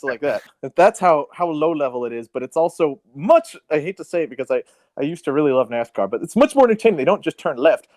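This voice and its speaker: A lively man co-hosting a podcast, his voice fairly high and jumping all over as he talks. He tells his stories with excitable swings in loudness. The sound is dry and close to the mic. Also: fast talker, no echo. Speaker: podcast co-host. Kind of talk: casual crude banter.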